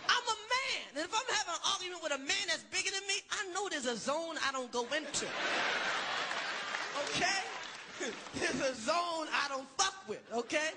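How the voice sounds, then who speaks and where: A male stand-up comedian with a high, lively voice tears through a profane routine, shouting in bursts. The roaring crowd and heavy noise of a live show sit right under him. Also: moderate pace. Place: comedy stage before live audience.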